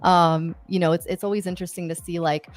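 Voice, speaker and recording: A woman's voice: fairly low pitch, fairly even intonation, fast talker, dry recording, faint music behind. A woman hosting a live-stream interview, asking upbeat, rambling questions full of fillers. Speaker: host.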